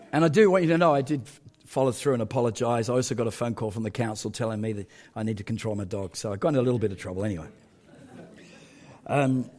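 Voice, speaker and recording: Lively pastor telling a story. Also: male voice, fairly high pitch. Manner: animated, self-mocking, laughs through the story. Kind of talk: storytelling sermon.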